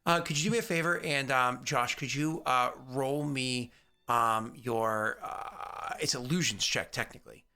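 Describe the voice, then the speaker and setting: Guy game master, bright sharp voice, rambly with lots of ums. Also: medium pitch, unhurried, clean tone. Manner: chatty, rambling, with many fillers. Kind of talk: narrating a tabletop game.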